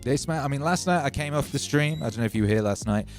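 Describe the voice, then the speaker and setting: Male streamer, casual rambling chat with a sardonic edge, mid-pitched, faint music under him. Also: lively intonation, quick pace. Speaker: livestream host. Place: home studio.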